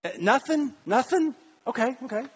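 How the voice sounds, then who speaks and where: A man's voice: extremely high pitch, animated, moderate pace, slightly rough, muffled recording, exaggerated voice. A preacher voicing God as a let-down heavenly father. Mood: pleading. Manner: wry, pleading, with repeated rhetorical questions.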